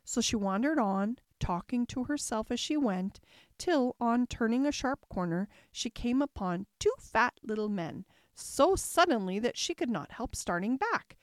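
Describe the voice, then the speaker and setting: A woman narrating a classic storybook in a calm, even storytelling manner. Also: fairly high pitch, a little slow, dry recording, clean studio sound. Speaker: audiobook narrator.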